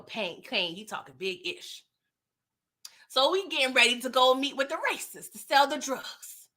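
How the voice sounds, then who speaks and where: A woman with a high-pitched, pushed, bright voice hosts a casual TV recap and review chat. She talks playfully with live viewers and acts out the characters' lines.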